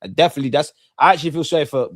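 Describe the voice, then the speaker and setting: A young man from England in his twenties, chatting casually on a live stream, slangy and animated, repeating himself and swearing freely. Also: fairly high pitch, rapid-fire, no echo, clean studio sound. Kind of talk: casual live-stream chat reading viewer comments.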